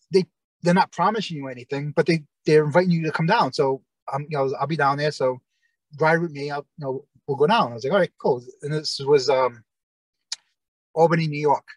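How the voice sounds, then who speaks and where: A man's voice: fairly high pitch, moderate pace, no echo, rough recording. A man, a guest in an interview, telling a long story in a rambling way with many fillers and restarts, acting out other people's lines.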